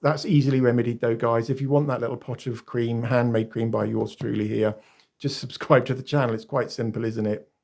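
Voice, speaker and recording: A man with an English accent, chatting casually to his viewers in a vlog question-and-answer session. He talks warmly and directly to the camera, laughs often and pokes fun at himself. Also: mid-range voice, fairly even intonation, fairly quick, gravelly. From England. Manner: chatty, often calls viewers "guys" and "beautiful ones"; laughs often, self-deprecating. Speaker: YouTuber. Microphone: phone.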